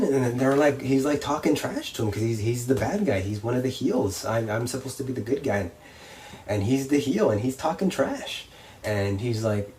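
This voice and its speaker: Young man, pro wrestler, casual storytelling, animated, slightly distant mic, faint background noise. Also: medium pitch, moderate pace. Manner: animated, acts out voices and crowd reactions. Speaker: professional wrestler.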